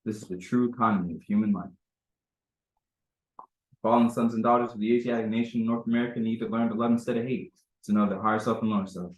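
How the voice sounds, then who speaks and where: A man with a fairly low voice reads scripture in a measured, solemn way at a temple meeting. His words ring out through an echoey room. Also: steady tone. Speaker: temple member reading scripture. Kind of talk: scripture reading at a religious meeting.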